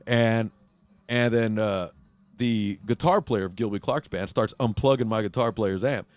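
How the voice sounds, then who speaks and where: A podcast host with a fairly low, clear, resonant voice tells a rowdy story in an unhurried way, swearing a lot and animatedly acting out quotes. There's no echo on the recording.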